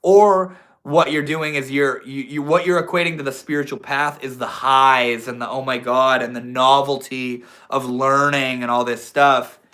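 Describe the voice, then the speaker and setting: A man's voice: mid-range voice, fairly even intonation, normal speed, few pauses, pushed and bright. A man hosting a casual livestream at home, tipsy, reading chat comments and slipping between spiritual musings, calling people bro and dude. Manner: loose, profane, says bro and dude, preachy bursts. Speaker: livestream host. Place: indoors at home.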